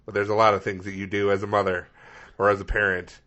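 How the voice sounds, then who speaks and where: A man's voice: lowish voice, little pitch movement, fast, sharp tone. A man co-hosting a comedy podcast, telling rambling stories in a laid-back way. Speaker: podcast co-host. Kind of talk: casual comedy chat. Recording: dull lo-fi podcast mic.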